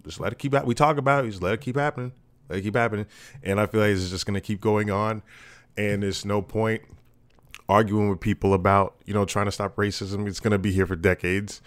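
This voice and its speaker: Man, podcast co-host, very low voice, loose profane banter, dry close sound. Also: steady tone, a little fast, no room sound. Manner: profane, laughing, rambling. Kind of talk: casual chat.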